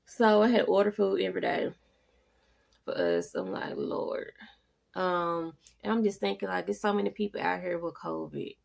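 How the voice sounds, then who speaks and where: A woman, casually telling a personal story, leaping up high for quoted lines and dropping to a hush when scared. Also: moderate pace. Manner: animated, jumps to high exclaiming quoted lines; drops to hushed, breathy tones when talking about fear. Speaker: vlogger.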